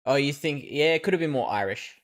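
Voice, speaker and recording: A man's voice: a little high, lively intonation, fairly quick. A male streamer giving live commentary on a game, thinking aloud and reasoning through clues.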